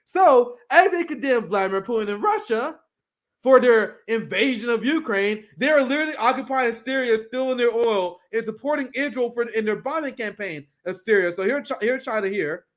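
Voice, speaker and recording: A man's voice: very high voice, moderate pace. A man hosting casual political commentary, swearing often, laughing, and reading clips aloud as he reacts. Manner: profane, animated, laughs often.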